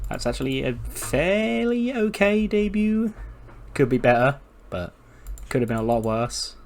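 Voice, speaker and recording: A man with a mid-range voice talks through a game session in a relaxed, chatty way. He recaps what happens scene by scene and chuckles often as he goes. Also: mid-range voice, slight background noise. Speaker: video game commentator. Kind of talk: casual let's-play narration.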